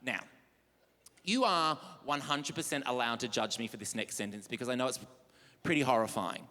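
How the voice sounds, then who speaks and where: A man's voice: medium pitch, normal speed, bright, forceful tone. A young man performing a stand-up set, telling stories in a camp, flamboyant way and breaking into shrieking quoted voices. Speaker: stand-up comedian. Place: large comedy theatre stage. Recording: live stage recording in a large reverberant hall.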